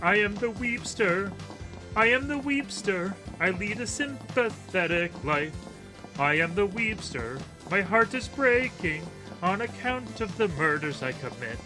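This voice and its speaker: A man's voice: high-pitched, expressive, a little slow, over music, voice pushed up. A man voicing a weepy, self-pitying male killer who wants to be a pop singer, reading his lines with melodramatic sobs. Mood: mournful.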